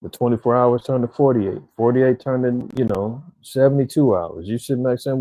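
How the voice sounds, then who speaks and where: A man's voice: mid-range voice, moderate pace, dark tone, dry recording, low-quality recording. A man giving a casual, rambling commentary in slang, talking straight to his viewers. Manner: conversational, rambling, slangy, addresses viewers directly. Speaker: vlogger commentator.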